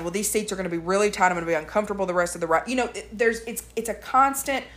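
A woman co-hosting a casual podcast, telling stories in a chatty way with quoted voices. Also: medium pitch. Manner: chatty storyteller, animated retellings with quoted voices. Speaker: podcast co-host. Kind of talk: casual chat.

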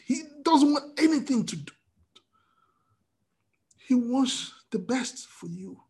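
Husky voice, slow deliberate pace, fervent emotional sermon, preacher. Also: sits high, big pitch swings, a little mellow.

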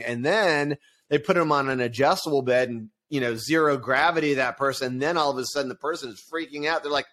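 A middle-aged man co-hosting a casual business chat, talking in an animated way and acting out sample ad voices. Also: medium pitch, fairly quick. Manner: animated, acts out ad voices, laughs easily. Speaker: podcast co-host.

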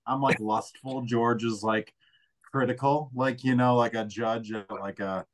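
A man's voice: mid-range voice, fairly even intonation, unhurried. A man co-hosting a casual podcast, chatty and filling his talk with "like". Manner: chatty, uses lots of "like". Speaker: podcast co-host.

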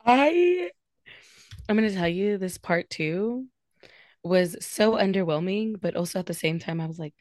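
A woman's voice: mid-range voice, big pitch swings, moderate pace, no room sound, studio quality. A young woman co-hosting a casual reality TV recap, sassy and opinionated, laughing often. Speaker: podcast co-host.

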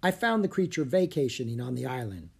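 An audiobook narrator voicing a friendly, excitable male scientist aboard a ship, chatty and a little theatrical. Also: mid-range voice, fairly quick, creaky, husky, heavily acted. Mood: wry.

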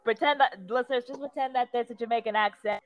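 A woman's voice: fairly high pitch, quick pace. A woman playing a tabletop role-play game, describing her character's actions in a rambling, giggly way with many fillers. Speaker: player.

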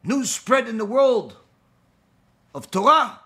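A man gives an animated Torah lecture, retelling Talmud stories and voicing the people in them. His voice sits high and bright, with wide, lively swings in pitch. The delivery is dramatic and storytelling-driven. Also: slow. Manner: dramatic storyteller, acts out the characters' lines. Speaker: rabbi teaching a Torah class.

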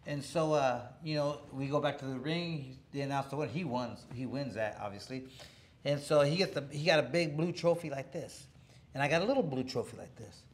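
A man's voice: medium pitch, fairly quick. A middle-aged man telling a boxing story in a casual interview, rambling with many restarts and chuckling along the way. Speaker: former boxer telling a story.

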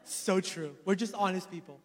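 A man's voice: high-pitched, normal speed, in a large hall. A man in his thirties preaching a sermon, mixing a personal story with emphatic preaching. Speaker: pastor.

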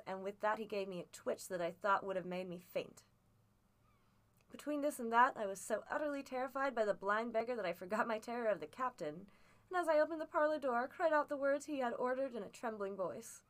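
A woman's voice: a little high, expressive, a little fast. Woman reading a classic novel aloud. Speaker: audiobook reader. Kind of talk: storybook narration.

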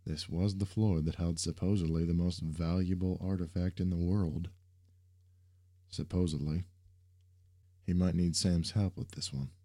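A man reading a story aloud as its narrator, with a steady storytelling manner. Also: low-pitched, measured pace, pauses often. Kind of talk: audiobook narration.

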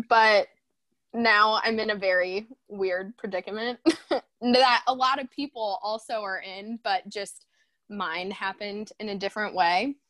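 A woman in her twenties, a guest telling her story in a casual chat, animated and quick to laugh as she acts out her own past thoughts. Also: fairly high pitch, no echo. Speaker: guest, hairstylist.

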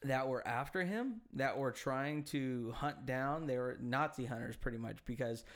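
A podcast co-host with a medium-pitched voice speaks at normal speed during a casual chat. He tells a rambling, hesitant story full of fillers and swearing.

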